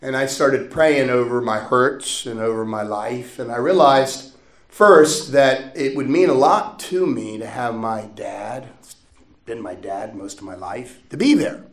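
A middle-aged man preaches in a church, sharing a personal story in a gentle, warm-hearted way. His voice sits at an ordinary pitch for a man. The sound is roomy, with echo from the hall around him. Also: a little slow. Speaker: priest. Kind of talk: sermon.

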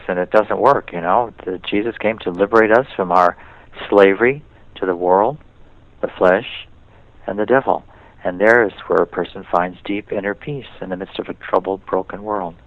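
Low-voiced priest telling stories on a radio interview, dull dry audio. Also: male voice, dry recording. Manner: storytelling, slips into quoted voices. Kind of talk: spiritual talk in an interview.

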